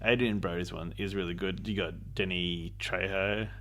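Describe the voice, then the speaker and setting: A man with an Australian accent chatting casually as podcast co-host, rambling and halting, often restarting his sentences. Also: low voice, steady tone, fairly bright tone, slight background noise. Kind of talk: casual chat.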